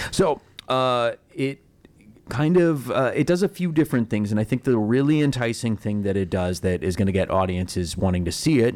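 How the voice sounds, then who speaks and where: A man with a fairly low voice talks through a film review in a loose, casual way. He circles his points, starting over and filling gaps with "uh" and "like" as he goes. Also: darkish tone. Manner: rambling, halting, with many fillers and restarts.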